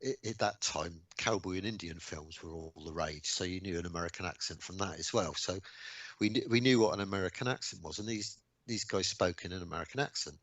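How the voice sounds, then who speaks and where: A man in his sixties from England, a radio guest recounting old memories casually, with lots of ums and mounting excitement. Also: sits low, a little fast, no room sound. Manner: animated anecdotes, rising excitement, frequent ums. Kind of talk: casual storytelling interview.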